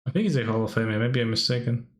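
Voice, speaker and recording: A man's voice: mid-range voice, rapid-fire. A man giving casual stream commentary while reacting to old videos, chatty and wry, laughing often and talking loosely with many filler words.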